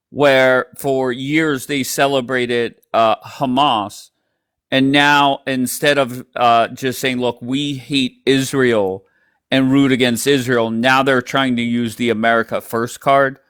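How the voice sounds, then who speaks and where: A man's voice: mid-range voice, a bit bright, clear, resonant tone. A man hosting a casual live stream, giving blunt, opinionated takes in a conversation with a guest. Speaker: livestream host.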